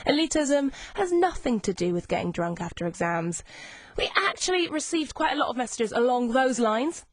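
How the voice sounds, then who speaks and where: A woman's voice: high voice, lively intonation, moderate pace, dry recording. Bubbly young woman radio presenter. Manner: bubbly, chatty, enthusiastic. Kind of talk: lunchtime radio chat show. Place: radio studio. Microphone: studio microphone.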